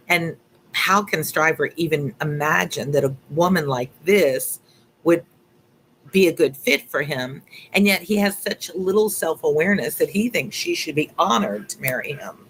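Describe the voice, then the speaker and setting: A woman hosting a read-along, talking through a classic novel in a thoughtful, musing way and pausing to find her words, then reading passages aloud. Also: low voice, expressive, a bit bright, a little hiss or hum, poor audio. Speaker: read-along book host. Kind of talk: casual literary commentary and read-aloud.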